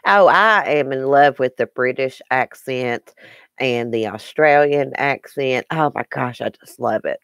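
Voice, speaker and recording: A woman's voice: a bass voice, measured pace, fairly bright tone, dry recording, studio quality. A woman with a Southern American accent hosting a casual live stream, chatting and answering viewer comments by name.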